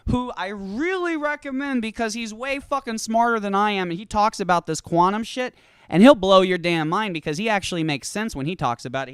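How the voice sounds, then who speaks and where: A show host delivering a rambling, profane, animated stoned comedy rant. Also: medium pitch, clear, resonant tone, no echo, clean studio sound. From California.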